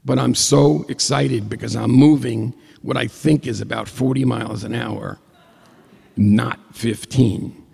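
An older man telling a comic personal story, animated and acting out the dialogue. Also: medium pitch, measured pace, gravelly, breathy edge. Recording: long hall reverb.

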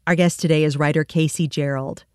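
Measured woman radio interviewer, dry sound. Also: low voice, steady tone, darkish tone, clear, resonant tone, dry recording. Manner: measured, thoughtful questioning.

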